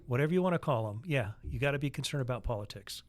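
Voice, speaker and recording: A man co-hosting a casual podcast, laying out his views in an earnest, opinionated way. His voice sits at an ordinary middle pitch. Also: animated, racing. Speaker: podcast co-host. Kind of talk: casual political chat.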